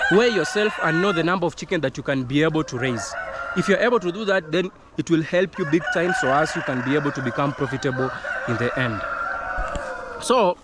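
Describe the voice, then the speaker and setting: A man's voice: a little high, background noise. A man from Kenya, a poultry farming consultant, giving earnest, repetitive advice in a vlog to camera, with chickens clucking behind.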